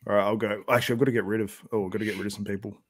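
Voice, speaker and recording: A man's voice: on the low side, flat delivery, rapid-fire. A young Australian man hosting a casual podcast chat, rambling with lots of fillers and laughs. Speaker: podcast host.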